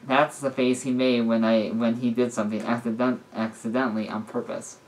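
A man's voice: medium pitch, flat delivery, brisk, low-quality recording. Man reading a story aloud, stumbling. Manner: stumbling, with frequent restarts and self-corrections. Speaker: story reader. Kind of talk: casual read-aloud of a story.

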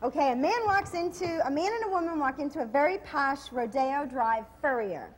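A woman co-hosting a comic cooking show in a studio kitchen, teasing her partner and reading jokes aloud in a drawn-out way. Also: high-pitched, lively intonation. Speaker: co-host. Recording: hall reverb with faint noise.

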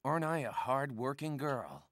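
A man voicing a brash young male assassin in video game cutscene dialogue, muttering in a low, offhand way. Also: sing-song, normal speed, a bit bright, no room sound, studio quality. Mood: wry.

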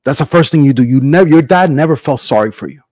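Animated, higher-voiced middle-aged man. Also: fast talker, dry recording. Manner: animated storyteller, acts out quotes with big voices. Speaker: podcast host. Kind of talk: casual chat.

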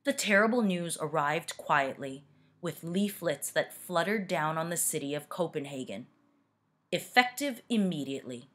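A woman teacher reading a picture book aloud to students, expressive and deliberate. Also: low voice.

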